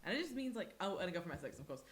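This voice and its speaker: A young woman from England co-hosting a podcast, telling stories in a casual, animated way. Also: rapid-fire. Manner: animated storytelling, acts out quoted people with big pitch jumps. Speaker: podcast co-host. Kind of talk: casual chat.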